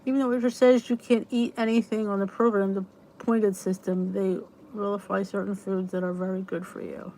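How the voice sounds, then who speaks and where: A woman's voice: mid-range voice, little pitch movement, a little fast, warm tone, slight background noise. A woman hosting a casual livestream chat, greeting viewers by name and rambling through chatty asides. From United States. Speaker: livestream host.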